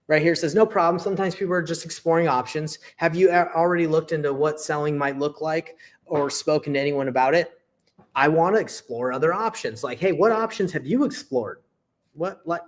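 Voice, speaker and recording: A young man teaching real estate wholesaling in a casual way, acting out phone call lines and often checking in with "right?". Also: on the high side. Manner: conversational, acts out call dialogue, frequent "right?" and restarts. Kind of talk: casual teaching, reading through a call script.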